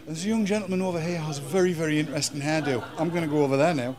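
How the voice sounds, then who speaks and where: Jokey roving interviewer, slightly high voice, crowded pub behind. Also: male voice, very fast, a crowd in the background. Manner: jokey, teasing, chatty. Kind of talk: casual vox-pop chat. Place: busy pub. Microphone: handheld microphone.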